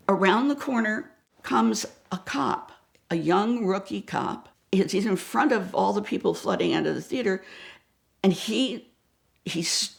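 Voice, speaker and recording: An older woman from the New York area, a guest telling an animated anecdote and acting out the voices. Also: medium pitch, vocal fry. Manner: dramatic, acts out voices, drops to whispers. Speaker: guest storyteller.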